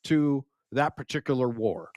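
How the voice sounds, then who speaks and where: An older American man appears as a media expert guest in a casual interview, telling lively stories and acting out quoted exchanges. His voice is medium in pitch with a measured pace, and there's no room sound.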